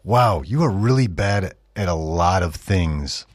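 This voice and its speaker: A man's voice: low voice, lively intonation, slow, dry recording. A middle-aged man hosting a radio show, giving sarcastic commentary and mocking the texts he reads aloud. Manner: sardonic, mocking, with exaggerated read-aloud quotes. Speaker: radio host.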